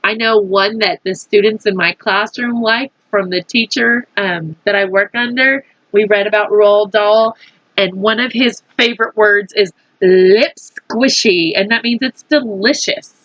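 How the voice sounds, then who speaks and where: A woman's voice: mid-range voice, steady tone, a little slow, fairly bright tone, no room sound, dull audio. A woman teacher reading a storybook aloud to children, with chatty asides to her young listeners. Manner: chatty, friendly asides to kids.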